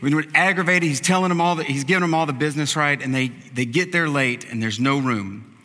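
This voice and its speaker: Pastor guy preaching casual style, bright voice, long echo from a big hall. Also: fairly high pitch, brisk. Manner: conversational, acts out the characters' lines. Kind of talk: sermon.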